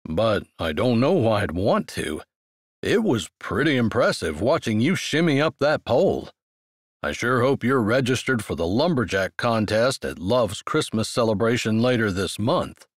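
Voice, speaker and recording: A man's voice: medium pitch, big pitch swings, normal speed, no echo, studio quality. A man voicing a tall, laid-back rural man who talks in an easy, amused drawl. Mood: teasing.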